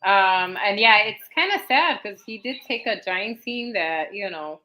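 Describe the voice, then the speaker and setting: A woman's voice: mid-range voice, lively intonation, measured pace, pushed and bright, poor audio. A woman on a sports talk panel, casual and laughing, with many "you know"s. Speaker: podcast panelist.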